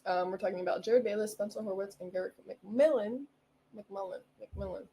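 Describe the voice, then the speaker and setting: Young woman rambling on her podcast, bubbly and giggly, mellow voice, faint room noise. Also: medium pitch, fast talker, poor audio. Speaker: podcast host. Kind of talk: casual solo podcast chat.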